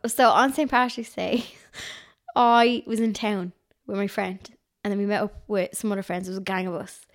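A woman's voice: medium pitch, steady tone, moderate pace. A woman with a Dublin accent, a guest on a podcast, telling chatty, self-mocking stories with plenty of giggles. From Ireland. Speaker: guest, craft blogger. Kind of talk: casual podcast chat.

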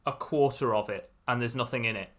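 A man's voice: mid-range voice, fairly quick. Hesitant man chatting on a podcast. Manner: hesitant, with many ums and uhs, lightly joking asides. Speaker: podcast co-host. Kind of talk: casual podcast chat.

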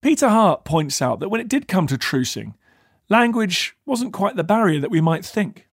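Male doc narrator, expressive and lively, dry studio read. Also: high-pitched, normal speed, breathy edge, dry recording. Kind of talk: scripted documentary narration.

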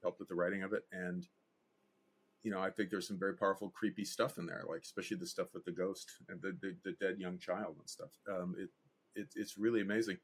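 This deep, husky-voiced man talks briskly as a guest in a casual interview. An animator and director, he tells lively stories and slips into the voices of the people he quotes.

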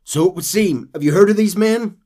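Man reading as a terse rugged gunslinger, plain voice, bit higher than his normal talk. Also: a little fast, dark tone. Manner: plain read, no accent.

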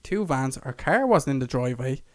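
A man's voice: mid-range voice, very animated, normal speed, a little mellow, dry recording. Irish man telling a swearing story. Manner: swearing, laughing, acts out quotes in a raised voice. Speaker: podcast co-host. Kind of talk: casual chat, storytelling.

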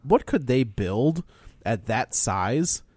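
A man in casual chat about a movie, animated and acting out the people he quotes. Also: slow pace, breathy edge, dry recording. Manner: animated, acts out quoted voices with big pitch jumps.

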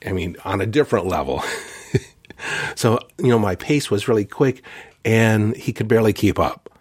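A man casually telling a personal story in a candid, self-deprecating way, with fillers and quick asides. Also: on the low side, darkish tone, breathy edge, no echo, clean studio sound. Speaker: host recounting a personal lesson.

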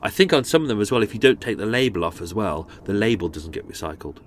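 A man's voice: lowish voice, animated, fast, slight background noise. A man hosting a true crime podcast, rambling casually with many fillers and restarts. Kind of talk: casual chatty outro.

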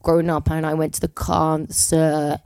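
An actress talking as a podcast guest outdoors, chatty, giggly and rambling on a handheld mic. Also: female voice, sits low, flat delivery, moderate pace, creaky, a little mellow, clean tone, no echo, clean studio sound. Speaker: actor guest. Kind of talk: casual chat. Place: outdoors under a big wheel on a cold day. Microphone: handheld interview mic.

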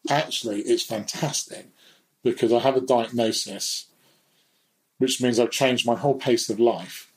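A man's voice: mid-range voice, unhurried, poor audio. A man speaking as a guest in a candid, reflective conversation, sometimes laughing at himself. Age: adult.

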